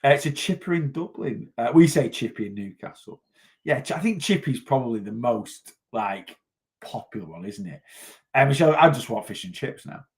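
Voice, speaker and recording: A man's voice: medium pitch, animated, normal speed. A man, a weight loss coach chatting casually on a livestream, rambling and answering viewer comments as he goes. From North West England.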